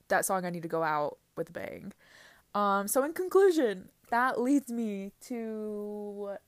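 A young woman talks through her podcast in a loose, rambling way, giggling often and leaning on fillers. Her voice sits at a middling pitch. The sound is dry and close, with almost no room around it. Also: dry recording. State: teary-eyed. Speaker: podcast host. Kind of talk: casual solo podcast chat.

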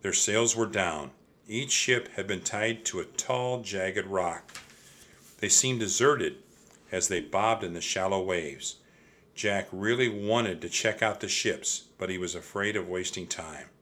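A man reading a storybook aloud at an unhurried, deliberate pace. His voice is rather low, yet it has a clear, bright edge. The narration stays even and measured from line to line. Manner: slow and measured. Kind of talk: audiobook narration.

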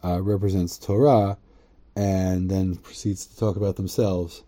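Dark-voiced rambling man teaching. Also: sits low, flat delivery, unhurried. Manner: rambling, joking asides, frequent "right?"; reads Hebrew text aloud and translates. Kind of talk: casual Torah lesson podcast.

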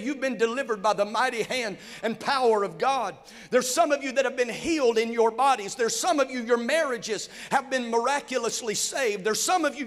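A man preaching a sermon in a church sanctuary, with call-and-response and rising shouts. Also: very high voice. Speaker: pastor. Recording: long hall reverb.

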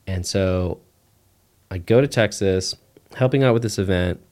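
Low-voiced man telling a casual story. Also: measured pace. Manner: relaxed, rambling, heavy use of "like" fillers. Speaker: guest sharing a testimony.

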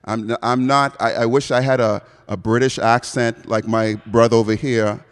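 A man's voice: mid-range voice, steady tone, normal speed, in a large hall. A man with a semi-Bahamian American accent preaching an evening sermon as a pastoral fellow, chatty and asking the congregation questions. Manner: conversational, asks the congregation questions.

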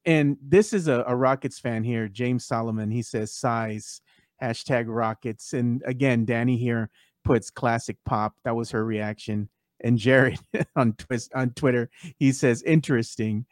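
A man's voice: mid-range voice, normal speed, dry recording, studio quality. A man hosting a casual sports talk show, talking loosely with lots of fillers and reading out fan posts. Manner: conversational, many fillers, reads fan posts aloud. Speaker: podcast host.

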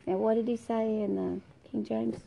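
A woman's voice: a little high, steady tone, moderate pace, vocal fry, mellow, a little hiss or hum. A middle-aged woman teaching an informal Bible study, talking conversationally, searching aloud for verses and reading scripture aloud.

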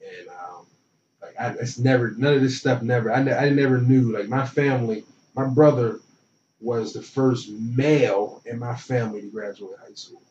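An animated young man who tells stories from his small-town youth, switching into the voices of the people he describes. He sounds a bit distant from the mic in a roomy space, with a dull, muffled tone and faint noise behind him. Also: medium pitch, moderate pace. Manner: animated, acts out voices in anecdotes. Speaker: interview guest. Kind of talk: casual storytelling. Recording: roomy, dull and slightly noisy.

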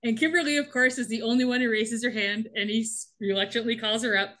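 A woman's voice: a little high, fairly even intonation, quick pace, a bit bright. Chatty woman retelling a story. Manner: chatty storytelling, acts out quotes with laughs. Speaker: podcast co-host recapping a TV episode. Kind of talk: casual chat.

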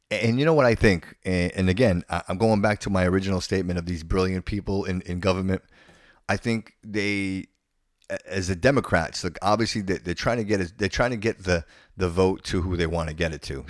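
A man's voice: low-pitched, no echo. Man, podcast host, indignant rant, stammering restarts, dry close sound. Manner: stammering, repeats words and restarts phrases; opinionated and indignant. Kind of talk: casual opinion rant.

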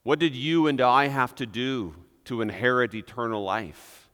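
A male pastor preaches slowly and deliberately, leaning hard on the words he wants to land. His voice sits at an ordinary pitch. It rings out with a long reverb, as in a church hall. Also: steady tone, a bit bright. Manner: deliberate, emphatic preaching with rising stresses. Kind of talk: sermon.

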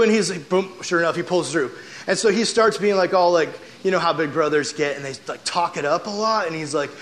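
A young man preaching to a youth group in an animated, casual storytelling style, full of "like". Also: high voice, fast talker, a little hiss or hum. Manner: animated, chatty, heavy use of "like". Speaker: youth pastor.

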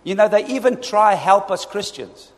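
An animated male preacher with a fairly high voice, repeatedly calling out to his congregation. His voice rings with a long hall reverb. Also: moderate pace. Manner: animated, asks the congregation for responses. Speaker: pastor. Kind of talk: sermon.

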